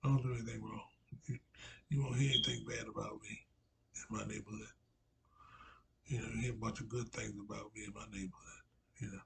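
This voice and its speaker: A man's voice: on the low side, vocal fry, a bit bright, a little hiss or hum, rough recording. A man giving a rambling religious monologue, repeating himself and filling gaps with "you know". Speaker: religious speaker.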